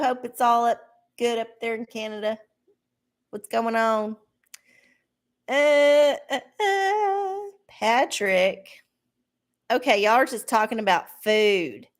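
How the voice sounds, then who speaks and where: A woman hosting a live stream of oracle card readings, chatting casually with viewers in a rambling, profane way. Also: fairly high pitch. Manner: profane, rambling, laughs often. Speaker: livestream host giving oracle card readings.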